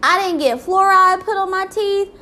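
A woman's voice: very high-pitched, normal speed, sharp tone, slight background noise. A woman ranting in a casual vlog, exasperated and full of swearing.

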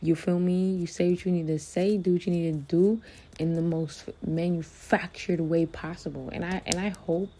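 A woman's voice: on the low side, fairly even intonation, normal speed, mellow, slight background noise. A young adult woman hosting a podcast, talking candidly and profanely to her listeners, calling them her loves. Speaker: podcast host. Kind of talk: casual motivational monologue.

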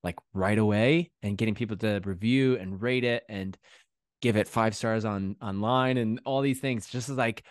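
A man's voice: fairly low pitch, moderate pace, no echo, clean studio sound. A man from Connecticut, chatting as a podcast guest and telling stories with restarts and animation. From Connecticut, USA. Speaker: podcast guest, chef and author. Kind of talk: casual interview chat. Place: home in the English countryside.

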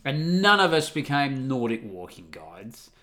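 Animated, sweary man telling a story. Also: medium pitch, measured pace. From English-speaking, not Italian. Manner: animated, sweary, mocking outbursts. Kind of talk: casual storytelling monologue.

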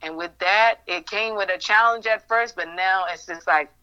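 A woman's voice: mid-range voice, normal speed, bright, forceful tone, clear, resonant tone, lo-fi sound. A woman giving a fervent, emotional personal testimony in a faith podcast interview, telling her story vividly. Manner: fervent, storytelling, acts out her prayers with God. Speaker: minister sharing a testimony.

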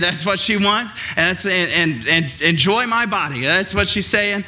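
Animated preaching man, bright voice. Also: a little high, normal speed. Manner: animated, conversational preaching with playful asides. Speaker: pastor. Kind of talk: sermon.

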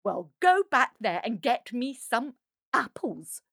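Spoiled stepsister, screeching, demanding, shrill and loud, woman putting her on. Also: very animated, slow pace, creaky, no room sound, studio quality, heavily acted. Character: spiteful greedy young woman, screeching.

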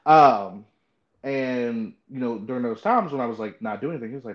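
A man in the host seat of a casual podcast, middle-pitched, telling stories with plenty of "you know" and "like". He acts out the people in his stories, and the track sounds dull and a bit lo-fi. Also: moderate pace. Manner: animated storyteller, acts out quoted voices. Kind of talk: casual chat.

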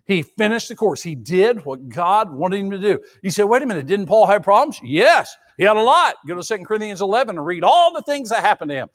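A man preaches a sermon in a high voice. He is emphatic and repeats himself for effect, asking the congregation rhetorical questions as he goes. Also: very animated, brisk, few pauses. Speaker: pastor.

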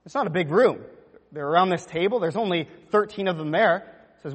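Man preaching, lively storyteller, kinda high-ish voice, big reverb. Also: moderate pace. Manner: animated storytelling, acts out quotes. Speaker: pastor. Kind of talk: sermon.

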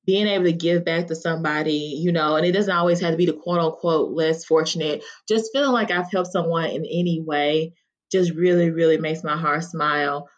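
A woman from Mississippi, a guest on a podcast, talking in an earnest, heartfelt way with many fillers. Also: sits low. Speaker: podcast guest, chapter member. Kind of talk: casual interview talk. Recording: dull lo-fi sound.

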